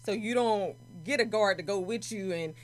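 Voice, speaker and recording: A woman guest in a casual interview, telling stories and acting out the people in them with lively energy. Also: medium pitch, moderate pace. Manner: animated, acts out voices in her stories. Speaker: guest, prison doctor.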